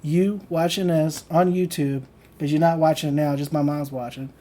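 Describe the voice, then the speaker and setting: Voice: medium pitch, steady tone, moderate pace, warm tone. A channel host giving a casual livestream rant, blunt and profane, loose and conversational with lots of fillers. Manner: laughs between points. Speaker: channel host teaching manifestation.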